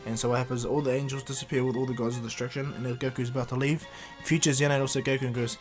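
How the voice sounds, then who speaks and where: A man's voice: mid-range voice, little pitch movement, quick pace, hardly any pauses, soft background music. A man casually retelling a cartoon story in a rambling way, full of fillers and restarts.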